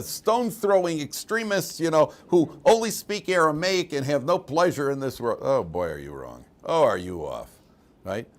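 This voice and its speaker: Male rabbi, mid-pitched, very expressive delivery, chatty class with humor. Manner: animated storyteller, jokey asides, frequent restarts. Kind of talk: informal Torah class with a told story.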